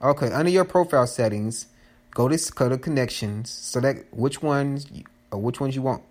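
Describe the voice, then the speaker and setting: A man's voice: mid-range voice, moderate pace. A man hosting his own podcast in casual chat, rambling and joking and often restarting his sentences. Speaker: podcast host.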